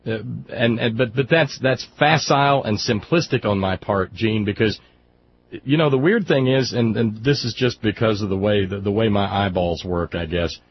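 A man with a fairly low voice speaks in a wry, articulate way, though he often stammers and restarts his sentences. The recording is dull and lo-fi, with a faint hiss underneath. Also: moderate pace. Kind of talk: casual political chat.

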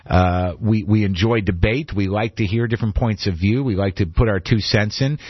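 A man's voice: lowish voice, moderate pace, husky, no room sound. A man hosting a call-in radio talk show, rambling and self-deprecating in a conversational way. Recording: dull lo-fi radio broadcast.

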